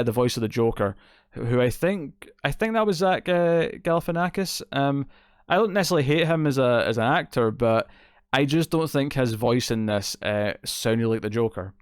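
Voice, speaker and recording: Smooth-voiced man rambling a movie review. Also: medium pitch, no echo, studio quality. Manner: rambling, with many fillers and restarts. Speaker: film reviewer. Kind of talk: casual spoken movie review.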